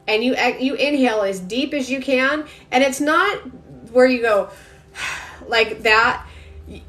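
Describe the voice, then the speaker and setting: A woman giving an intuitive energy reading to viewers during a casual phone livestream, talking quickly and emphatically and addressing the audience directly. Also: fairly high pitch, a bit bright.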